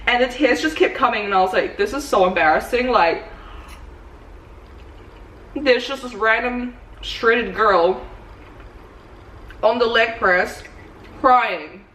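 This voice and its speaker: A woman's voice: on the high side, slow pace, pauses often, fairly bright tone. A young woman chats in a loose, rambling vlog style, her stories full of "like", sitting some way back from the mic. The room sounds echoey, with a faint ambient hum behind her. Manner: chatty storytelling, full of "like". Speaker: fitness coach. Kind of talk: casual vlog chat. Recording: roomy, distant, faint ambience.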